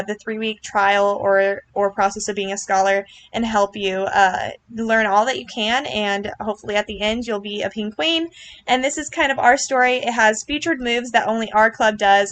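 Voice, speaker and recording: A woman giving casual reaction commentary on a video, gushing and earnest, with lots of fillers and quick apologies. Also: mid-range voice, fairly bright tone, slight background noise. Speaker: vlogger reacting to her club's riding routine.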